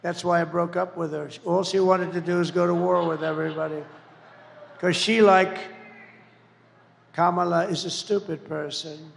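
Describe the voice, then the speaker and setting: Male candidate at a rally mic: gravelly, pitched fairly high for a man, rambling and mocking, big hall reverb. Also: steady tone, moderate pace, a little hiss or hum. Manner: rambling, mocking and emphatic, breaking into shouts. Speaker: political candidate. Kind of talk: campaign rally speech. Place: large rally venue.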